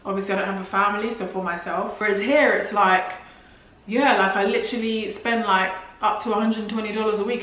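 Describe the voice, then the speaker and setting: Chatty london girl vlogging, lots of likes and restarts, mid pitch, big echo around her. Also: a bit bright. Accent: London English. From England. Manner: chatty, many "like" fillers and restarts. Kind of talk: casual chat to camera. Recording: very echoey room.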